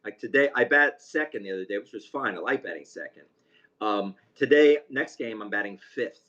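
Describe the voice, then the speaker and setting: Low-voiced man on a dull lo-fi line. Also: animated, fairly quick, fairly bright tone. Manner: easygoing, laughs often. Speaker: podcast co-host. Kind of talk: casual sports chat. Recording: dull lo-fi sound.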